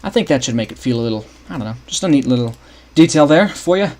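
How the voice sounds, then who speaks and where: A young man livestreams his game map building, chatting casually about the scripting, thinking aloud, frequently restarting and talking to viewers. He speaks at a quick pace in an animated, medium-pitched voice with a darkish tone.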